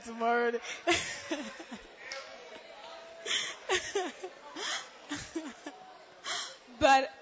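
Young woman from Ghana, church testimony, excitable with frequent laughs, dull echoey hall recording. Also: fairly high pitch, a little hiss or hum. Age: young adult. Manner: giggly, excitable, laughs often between phrases. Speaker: church member giving testimony.

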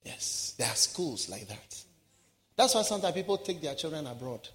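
Preacher in a reverberant hall. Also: male voice, fairly high pitch, very animated, moderate pace. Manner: dramatic swings from shouts to hushed asides. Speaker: pastor. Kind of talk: sermon.

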